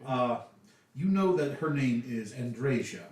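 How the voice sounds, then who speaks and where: A casual Southern American game master, chatty and full of fillers, with a lively voice. He sounds distant from the mic in an echoey room. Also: medium pitch, measured pace. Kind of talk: narrating a tabletop game.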